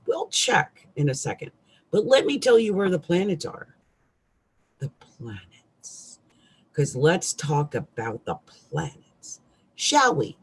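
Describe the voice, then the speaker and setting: A middle-aged woman astrologer ranting irritably on a live stream, with loud outbursts and quiet asides. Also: on the low side, huge pitch swings, measured pace, husky.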